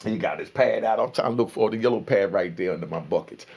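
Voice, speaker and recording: A man telling a story casually, slangy and animated, acting out the people in it. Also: on the low side, quick pace, vocal fry, slightly rough, lo-fi sound. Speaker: storyteller recounting prison life.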